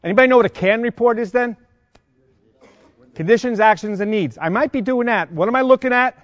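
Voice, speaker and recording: A middle-aged man with a New York accent, lecturing a class of firefighters and quizzing them with quick questions. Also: very high-pitched, no room sound. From Long Island, New York. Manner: quizzing the audience with rapid questions. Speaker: fire service instructor. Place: conference lecture room. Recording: dry, dull lo-fi sound.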